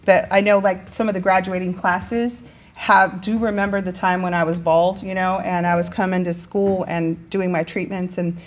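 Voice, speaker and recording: A woman's voice: lowish voice, flat delivery, normal speed. Middle-aged woman, teacher, casual chatty delivery, lots of fillers and self-corrections. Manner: chatty, many fillers and restarts. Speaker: teacher and guest. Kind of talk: casual conversation.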